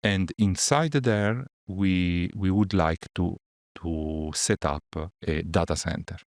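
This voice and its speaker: Man, very deep voice, hesitant, lots of fillers, dry close recording. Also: slow, no room sound. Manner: hesitant, many fillers and restarts. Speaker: researcher. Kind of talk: halting conversational explanation.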